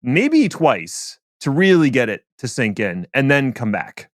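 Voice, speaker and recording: A man's voice: medium pitch, very animated, no echo, clean studio sound. A man hosting a podcast, joking around in casual chat over a remote call. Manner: jokey, playful, quick to laugh. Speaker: podcast host.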